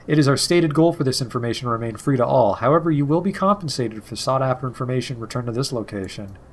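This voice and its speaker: A man voicing an anonymous caller who speaks in a flat, pitch-adjusted monotone, reading game dialogue. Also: fast talker, a little hiss or hum, natural voice. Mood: flat formal.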